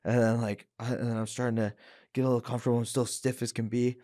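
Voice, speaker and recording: A young man on a podcast who tells his story in a casual, animated way and acts out the voices of the people in it. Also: mid-range voice, fast talker. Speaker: guest, fighter. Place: podcast studio.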